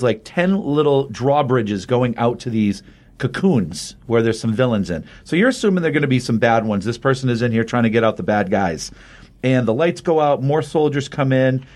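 Male podcast co-host, mid-range voice, loose conversational recap delivery, rambling with restarts. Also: mid-range voice. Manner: chatty, rambling, with frequent restarts and quoted dialogue. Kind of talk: casual comic book recap.

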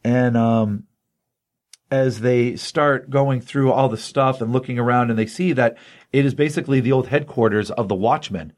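Excitable man recapping a comic. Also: medium pitch, moderate pace. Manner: excitable storyteller, loose and rambling with fillers. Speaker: comic book podcast host. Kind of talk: casual chat retelling a comic.

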